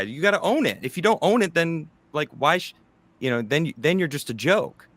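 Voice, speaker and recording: Bright-toned male interviewer, dry close sound. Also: a little high, expressive, brisk, no room sound. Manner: pointed, pushes back with repeated restarts. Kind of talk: probing interview questions.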